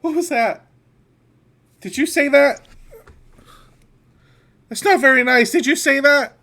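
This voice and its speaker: A man voicing an excitable young boy in a tabletop game, talking high and loud. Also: slow, gravelly, heavily acted. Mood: indignant.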